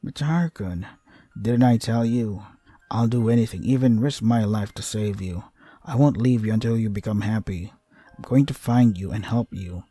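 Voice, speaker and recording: A man's voice: lowish voice, normal speed, mellow, breathy edge, no echo. A man voicing a clingy, tearful young girl from a visual novel in a raised, sing-song voice while reading a game aloud. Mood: earnest.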